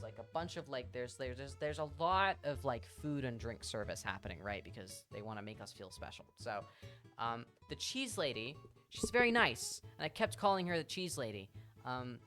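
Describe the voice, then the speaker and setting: A streamer with an English accent telling a story to their chat in a casual, animated way, swearing freely and acting out what people said. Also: medium pitch, normal speed, soft background music. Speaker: livestreamer.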